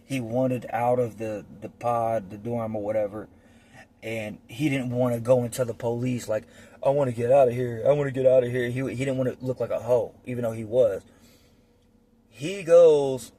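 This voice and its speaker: A man's voice: mid-range voice, warm tone. Blunt, profane man telling stories. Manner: blunt and profane, rambling with fillers. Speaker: storyteller recounting prison life. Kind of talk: casual storytime monologue.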